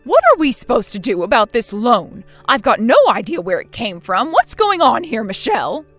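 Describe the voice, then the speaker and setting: A woman voicing a spiteful, domineering older mother-in-law in a scripted text-message drama, scolding harshly and loudly. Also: a little high, very animated, normal speed, faint music behind.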